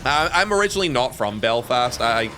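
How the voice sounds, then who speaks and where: Streamer, Northern Irish man, young, animated bright delivery, jokey, faint music behind. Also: medium pitch, brisk. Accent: Northern Irish, softened. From Northern Ireland. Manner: chatty, joking, swearing. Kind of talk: casual chat with viewers.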